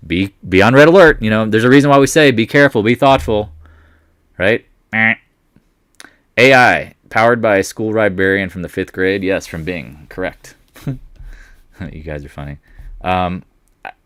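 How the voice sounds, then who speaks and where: Low smooth-voiced male market streamer. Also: dry recording. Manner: rambling, jumps to excited outbursts at price moves. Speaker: market commentary livestream host. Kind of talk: live market commentary, chatting with viewers.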